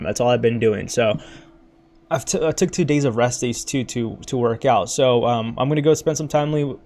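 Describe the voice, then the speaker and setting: A young guy livestreams about crypto from his bedroom, hyped up on caffeine, a bit breathless, and rambling. His voice is medium-pitched, and "dude," "bro," and "freaking" come up constantly.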